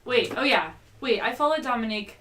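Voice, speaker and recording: A woman chatting casually as a role-play player, lively and exclamatory. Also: a little high, brisk, crowd noise. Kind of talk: casual chat. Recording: voice far from the mic.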